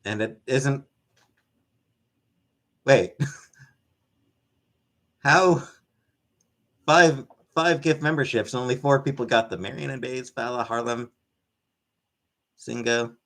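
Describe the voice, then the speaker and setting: A man hosts a casual livestream from home, his mid-range voice fairly bright as he speaks slowly with frequent pauses. He rambles while reading chat comments, thanks viewers by name, and uses baby talk with his pet.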